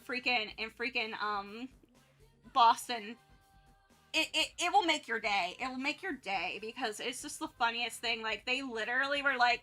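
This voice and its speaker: A woman's voice: a little high, bright, forceful tone. A young woman from North Carolina chatting casually on a livestream, rambling with lots of restarts and fillers. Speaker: art streamer.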